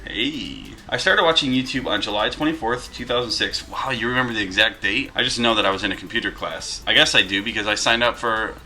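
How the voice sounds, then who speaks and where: Talking fast with few pauses, a man with a fairly low, bright and forceful voice reads viewer mail aloud in a casual vlog. He's in his thirties, from Western New York, USA, and adds asides at home while his dogs wrestle.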